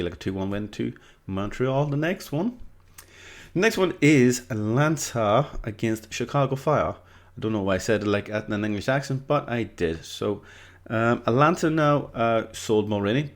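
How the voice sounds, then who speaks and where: An Irish man talking through football predictions in a casual, rambling way, full of fillers and false starts. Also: lowish voice. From Ireland. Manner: rambling and hesitant, with many fillers and restarts. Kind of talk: casual solo commentary.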